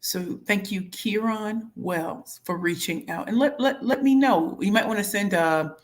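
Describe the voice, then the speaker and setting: A woman's voice: medium pitch, unhurried. A woman hosting a casual livestream, reading out viewer comments in a playful way and sometimes breaking into sing-song. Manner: lively, playful, bursts into sing-song and shouts. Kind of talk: casual live chat.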